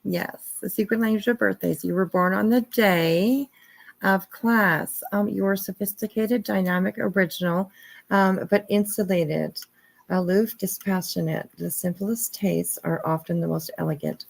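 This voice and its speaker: A woman's voice: medium pitch, steady tone, measured pace, gravelly. A woman in her fifties hosting a casual livestream, chatting with viewers, thanking them by name and laughing often. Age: 50s. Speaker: livestream host. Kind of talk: casual live chat with viewers.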